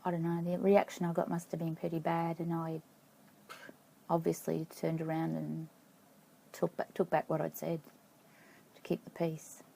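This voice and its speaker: Casting: middle-aged woman, low gravelly voice, halting personal vlog storytelling. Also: monotone, dark tone, slight background noise, poor audio. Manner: halting, reflective, often checks notes. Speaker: vlogger.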